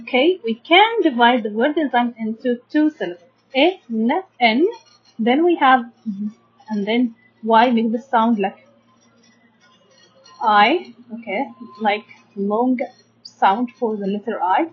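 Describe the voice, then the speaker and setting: Slow, husky Egyptian woman teaching children. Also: a little high, soft background music. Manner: patient, sounds out syllables, checks in with "okay?". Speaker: primary science teacher. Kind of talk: slow classroom explanation to children. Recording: dull lo-fi sound.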